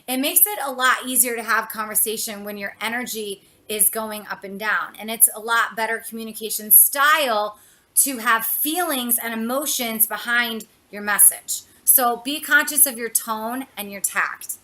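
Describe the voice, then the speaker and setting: Bright, chatty woman coach. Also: a little high, normal speed. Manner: chatty, expressive, uses "you know" and "like". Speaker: communication coach. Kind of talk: motivational talk to camera.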